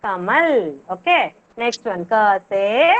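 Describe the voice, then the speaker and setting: A kindergarten teacher, running an online class and patiently repeating words for the children to echo. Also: female voice, medium pitch, sing-song, takes it slowly, phone-quality sound. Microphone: video call.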